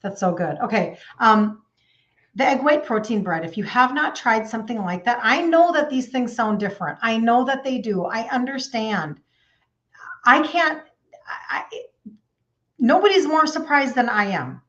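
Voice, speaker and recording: A woman's voice: fairly high pitch, big pitch swings, moderate pace. Woman in her 50s chatting on a live stream, lots of ums, kinda dull lo-fi sound. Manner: chatty, reads viewer comments aloud, many fillers. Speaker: health coach hosting a live stream. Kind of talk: casual live-stream chat.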